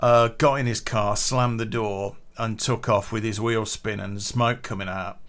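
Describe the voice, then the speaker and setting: A man's voice: on the low side, fairly even intonation, normal speed, fairly bright tone. Chatty, sweary man telling a story. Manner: chatty, swears freely, laughs at his own story. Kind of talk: casual anecdote monologue.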